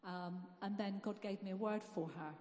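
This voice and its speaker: A woman's voice: mid-range voice, steady tone, moderate pace, dark tone. A woman giving a casual church testimony, telling the story chattily and quoting others along the way. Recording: echoey hall, live church mic.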